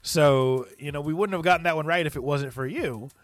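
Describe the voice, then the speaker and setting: A man co-hosting a live gaming show, chatting casually in an upbeat, lively way. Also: fairly high pitch, brisk, soft background music. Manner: lively, upbeat, animated delivery. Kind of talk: casual live-stream chat.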